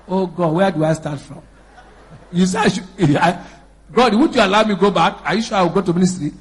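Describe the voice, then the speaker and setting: A pastor in his fifties preaches a sermon in church, his high-pitched, husky voice swinging between shouted exhortation and chatty storytelling.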